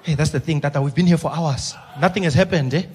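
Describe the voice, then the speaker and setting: A man's voice: on the high side, fast, noisy background, natural voice. A man on stage voicing a panicky young ambulance driver who pleads anxiously. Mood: pleading.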